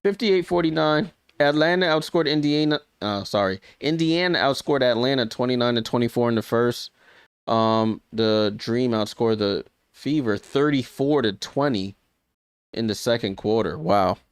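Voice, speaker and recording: His mid-range voice is clear and resonant at a normal speed, captured dry with clean studio sound. Doing live basketball commentary in a casual play-by-play style, he chats away, frequently fixing himself mid-sentence and laughing at his slips.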